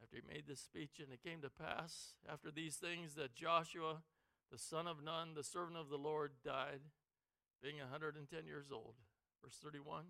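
A man preaching a sermon in a church on a headset mic, dramatic, swinging from quiet lows to shouted highs. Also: fairly even intonation, moderate pace, vocal fry, no echo.

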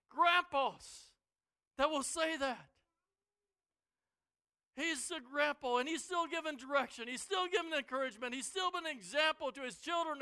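A man preaches a dramatic sermon in a church on a headset mic, swinging from quiet lows to shouted highs. The recording has no echo.

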